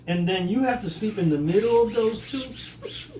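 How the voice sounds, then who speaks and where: A man with a slightly higher voice tells stories in casual chat, laughing often and swearing freely. He sounds distant from the mic in an echoey room. A faint hiss sits under the recording. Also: animated, normal speed, dark tone. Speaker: podcast co-host.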